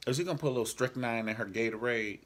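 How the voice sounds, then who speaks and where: A man's voice: medium pitch, racing, a bit bright. A man casually reviewing a TV drama episode in a sassy, joking vlog style. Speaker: TV show reviewer.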